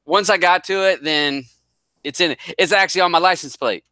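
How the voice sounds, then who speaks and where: A middle-aged man from the northern US tells a long, rambling story with a bright, forceful edge to his voice. He jokes at his own expense as he goes, and the sound is close and dry. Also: high-pitched, fairly quick, no room sound. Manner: rambling, self-deprecating, jokes around. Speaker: guest. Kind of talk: casual storytelling.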